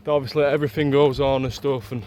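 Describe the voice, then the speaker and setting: An excitable man with a Yorkshire accent talks straight into a handheld camera, gushing and repeating himself in a loose travel vlog. His voice sits at an ordinary middle pitch. Faint outdoor noise runs underneath. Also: fast talker. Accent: Yorkshire English. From Leeds, England. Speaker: travel vlogger.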